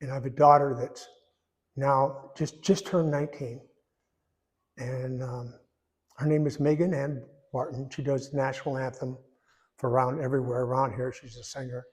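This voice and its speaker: A man in his eighties giving a personal testimony in church, rambling and folksy, pausing when emotional. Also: mid-range voice, level tone, darkish tone. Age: 80s. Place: church sanctuary. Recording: echoey church hall.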